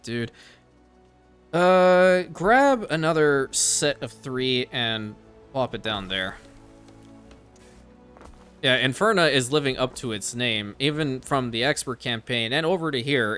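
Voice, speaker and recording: A man with a bright, forceful voice talks through a strategy game in casual commentary, musing to himself and throwing in the odd swear word. Faint game music plays behind him. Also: mid-range voice, clean tone. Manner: thinks aloud, casual swearing. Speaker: let's play host.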